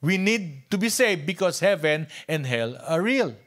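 A male pastor with a Filipino accent preaching a sermon. He swings from hushed near-whispers to loud, emphatic lines, and he often repeats and restarts phrases. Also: a little high, animated, measured pace.

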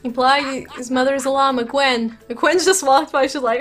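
A gaming YouTuber with a high voice does let's play commentary on her video game, taking it slow and easy while laughing a lot and reacting out loud. She's close to a desk USB microphone, with faint game music playing beneath her.

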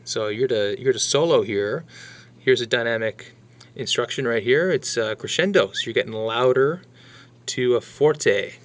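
A drum teacher with a medium-pitched voice talks through a sheet of music at a moderate pace. He's relaxed and chatty, counting beats aloud and adding brief, excited asides.

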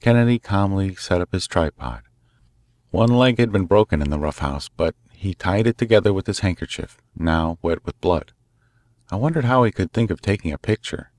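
A man narrating a classic story in a measured, dramatic way. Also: deep voice, lively intonation, a little mellow, no room sound. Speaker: audiobook narrator. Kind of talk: scripted narration.

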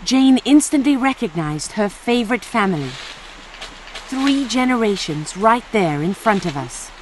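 A woman's voice: mid-range voice, expressive, unhurried, a little mellow, slight background noise. A woman working as a TV correspondent, giving scripted narration and asking short interview questions.

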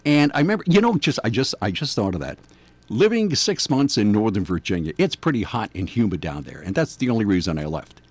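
A man's voice: lowish voice, big pitch swings, fairly quick, no room sound. An older man from New York with a New York accent, hosting a morning radio show in a rambling, chatty, self-deprecating way. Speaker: radio host. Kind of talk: casual morning radio chat.

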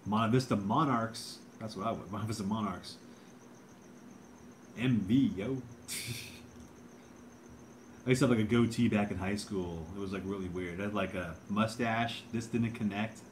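Laid-back male livestream host, lowish voice, faint crickets behind. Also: normal speed, pauses often, slight background noise. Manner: laid-back, rambling, says bro and dude a lot. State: drinking beer. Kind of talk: casual livestream chat.

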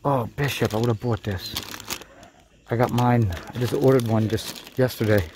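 A man who collects toys, giving casual running commentary with quick, blunt verdicts and casual swearing while shopping in a toy store. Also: medium pitch, fairly even intonation. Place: busy toy store, indoors. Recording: crowded store noise behind.

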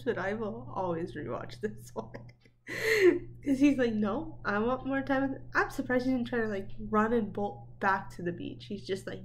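A woman's voice: mid-range voice, a little mellow. A young woman chatting casually as she reacts to video clips, laughing often and talking back to what she watches.

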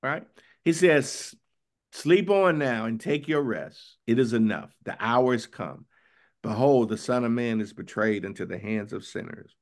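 A bishop preaching a Bible study sermon in a conversational, questioning way, often asking "right?" and reading scripture slowly. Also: male voice, mid-range voice. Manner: conversational, questioning, tag "right?" after points; reads scripture slowly and drawn out.

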